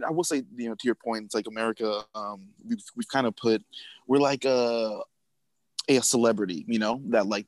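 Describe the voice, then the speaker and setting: A man's voice: lowish voice, no room sound. A man co-hosting a casual podcast, agreeable and chatty, often laughing along. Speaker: podcast co-host. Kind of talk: casual chat.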